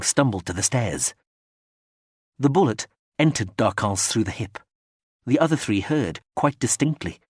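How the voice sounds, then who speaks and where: A man narrating an audiobook in a measured reading, raising his voice for the quoted lines. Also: mid-range voice, husky, no echo, studio quality. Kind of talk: scripted narration.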